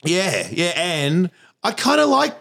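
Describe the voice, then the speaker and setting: A man's voice: high voice, very animated, slow pace, gravelly, fairly bright tone. Rambling Australian man, crude and self-mocking. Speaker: comedian guest. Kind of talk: casual podcast chat.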